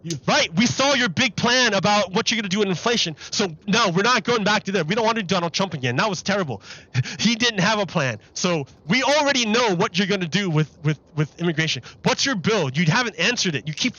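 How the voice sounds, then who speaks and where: A man's voice: sits high, animated, fairly quick, bright, forceful tone, lo-fi sound. A man live-streaming commentary on a political interview, exasperated and repeating his questions over the clip.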